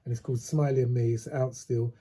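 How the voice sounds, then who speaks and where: Older London MC, dark and husky, storytelling in a casual interview. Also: male voice, medium pitch, fast talker. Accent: London, mixing Cockney and patois. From England. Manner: animated storyteller, slips into chanted lyrics and quoted voices. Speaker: interviewee, reggae MC.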